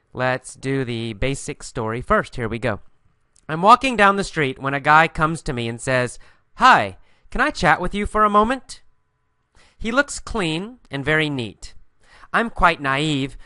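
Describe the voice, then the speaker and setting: A man teaching an English story lesson, asking simple questions and answering them himself, and repeating key words slowly for learners. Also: a little high, lively intonation, bright, forceful tone, clear, resonant tone, no echo, studio quality.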